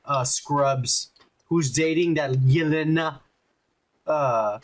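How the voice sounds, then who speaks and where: A man's voice: on the high side, slow. A man hosting a podcast, ranting heatedly and swearing a lot while reviewing a show. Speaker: podcast host. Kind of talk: casual ranting review chat.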